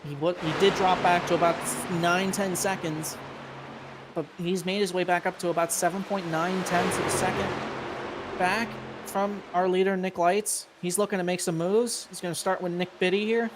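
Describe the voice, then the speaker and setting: A man's voice: sits high, fairly even intonation. Male driver doing color commentary over noise. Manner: explanatory, halting restarts. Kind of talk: live race commentary.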